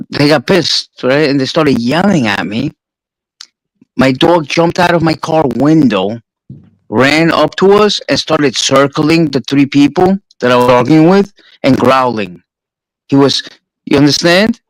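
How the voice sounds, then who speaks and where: A man's voice: mid-range voice, a little slow, no room sound, low-quality recording. New york guy on a stream telling a dog story, cursing a lot, dry close sound. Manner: profane, animated storyteller. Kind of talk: casual storytelling chat.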